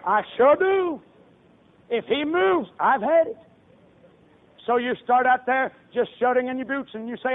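A man's voice: very high-pitched, brisk. A man preaching a sermon in a folksy way, acting out the voices of people in his stories. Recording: tinny phone-like radio broadcast.

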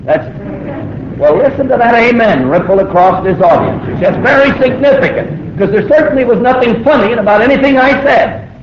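A man's voice: very high voice, lively intonation, normal speed. A man preaching a sermon to a live audience, telling stories with emphatic, quoted voices. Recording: echoey, dull, faintly noisy old recording.

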